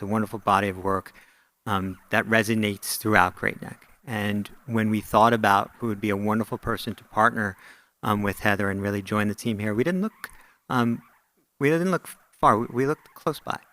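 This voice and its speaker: Flat, halting man making an introduction. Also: fairly low pitch. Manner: halting, many fillers. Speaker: school administrator introducing a colleague. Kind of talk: formal introduction at a meeting.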